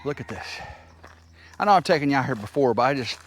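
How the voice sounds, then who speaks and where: A man's voice: mid-range voice, lively intonation, fast, a little hiss or hum. A man giving a rambling, folksy walking tour of his wooded homestead and teasing his rooster along the way. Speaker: homestead vlogger. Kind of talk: casual walk-and-talk tour.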